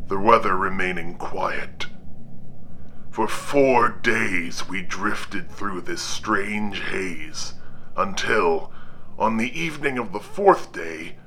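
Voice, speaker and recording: A man reading an audiobook horror tale, voicing a sorrowful, pious castaway who speaks slowly and haltingly in a hushed, gravelly voice. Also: deep voice, expressive, a little hiss or hum, exaggerated voice. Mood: grave recounting. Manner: slow, halting, subdued delivery.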